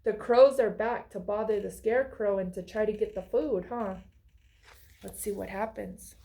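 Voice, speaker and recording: A woman's voice: mid-range voice, normal speed, creaky, mellow. A woman reading a children's picture book aloud, asking the listener friendly questions along the way. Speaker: storybook reader.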